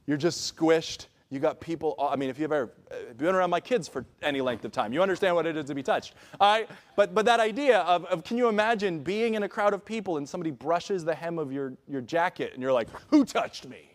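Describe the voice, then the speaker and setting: A male pastor delivering a sermon in a church, his voice pitched somewhat above most men's. He talks conversationally, checks in with the congregation through frequent asides and varies his pace between quick stretches and slow, deliberate emphasis. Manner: conversational preaching with frequent "all right?" asides. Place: church sanctuary.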